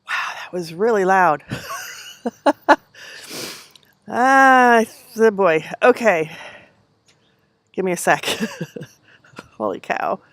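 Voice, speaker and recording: A woman's voice: mid-range voice, lively intonation, extremely slow, pauses often, fairly bright tone, dry recording. A middle-aged woman hosting a casual livestream from home on a headset mic, chatty and rambling with lots of fillers. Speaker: knitting livestream host. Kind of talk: casual chat.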